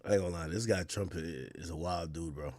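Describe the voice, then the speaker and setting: A man's voice: sits low, brisk, darkish tone, no echo. A man streaming, reacting to news clips with incredulous, profane, laughing commentary.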